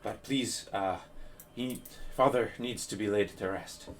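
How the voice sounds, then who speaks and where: A man voicing an earnest young nobleman who is a grieving son, speaking softly and pleadingly. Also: lowish voice, a little slow, a little hiss or hum, lightly acted.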